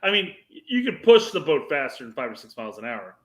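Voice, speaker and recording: Lively, joking man in an echoey room. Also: mid-range voice, fast. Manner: joking, profane, frequent restarts. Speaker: podcast co-host. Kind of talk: casual chat.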